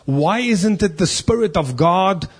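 A man's voice: high-pitched, expressive, measured pace, breathy edge. A man preaching a sermon in church, emphatic, asking rhetorical questions and reading scripture aloud.

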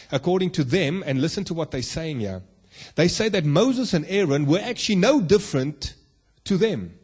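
A man's voice: fairly high pitch, darkish tone, slightly rough. A man preaching a sermon, emphatic and full of rhetorical questions to the congregation, from South Africa.

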